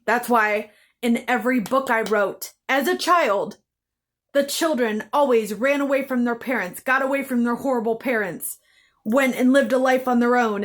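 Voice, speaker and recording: A woman telling her own story to camera in an intense, bitter way, swearing heavily and repeating phrases for emphasis. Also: a little high. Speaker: vlogger. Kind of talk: emotional personal storytelling.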